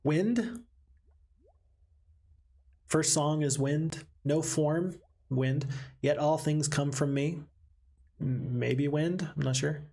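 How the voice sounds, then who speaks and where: A man streaming a strategy game live, chatting and reading viewer comments aloud, with sudden excited outbursts. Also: a little high, takes it slowly, creaky, long pauses.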